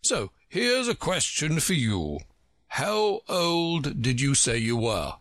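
A man's voice: a little high, sing-song, slow, fairly bright tone, no room sound, studio quality, voice pushed up, full character voice. A man voicing a pompous, touchy male know-it-all from a storybook who lectures everyone he talks to. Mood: lecturing. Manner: self-important, lecturing.

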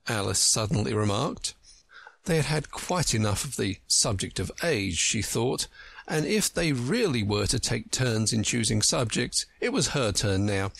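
A male narrator reads a storybook slowly and expressively, his husky voice lifting and falling through a wide range. The recording is close and dry, with no room sound. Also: mid-range voice, animated, fairly bright tone, no room sound.

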